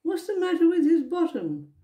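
An eager, helpful storybook gardener, read aloud by a woman. His voice climbs high and lively as he rallies everyone. It stays soft and mellow, and the pace is slow. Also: echoey room. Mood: surprised. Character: friendly, helpful gardener, a grown man.

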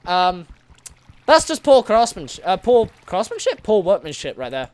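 A man giving casual solo commentary on his own gameplay, rambling playfully, talking to the creatures he meets and bursting into excited shouts. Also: sits high, moderate pace. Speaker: gaming video host.

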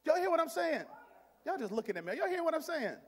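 High-voiced man preaching in a reverberant church. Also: very animated, quick pace. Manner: dynamic preaching, swinging from shouts to hushed near-whispers; talks directly to the congregation in call-and-response. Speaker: pastor. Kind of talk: sermon. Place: church sanctuary. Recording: long hall reverb in a church.

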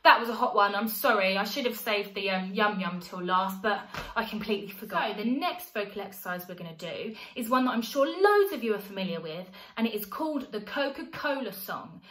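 A young woman vocal coach, leading a children's online warm-up in a playful, encouraging way and singing along to demonstrate. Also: a little high, echoey room.

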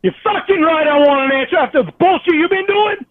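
A man's voice: very high voice, brisk, no room sound. A jealous, crying man swears nonstop and hurls accusations in a rant over the phone. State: crying, voice cracking. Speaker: angry caller. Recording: tinny phone line.

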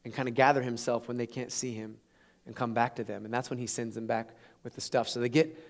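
A man preaching a sermon, retelling a scripture story in an animated, conversational way with chuckles. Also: medium pitch, fast. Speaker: pastor.

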